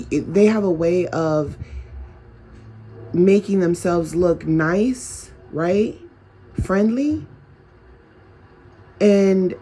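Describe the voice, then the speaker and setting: A man speaks in a casual advice monologue, the kind a vlogger records for his viewers. His voice sits a little high for a man, with a mellow, dark tone and plenty of gravelly fry. He keeps it chatty and keeps asking the listener rhetorical questions. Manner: conversational, full of rhetorical questions.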